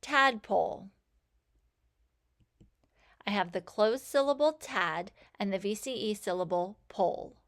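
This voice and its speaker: A woman teaching a phonics lesson, sounding out letters and words with slow, clear enunciation. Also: medium pitch. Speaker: reading teacher.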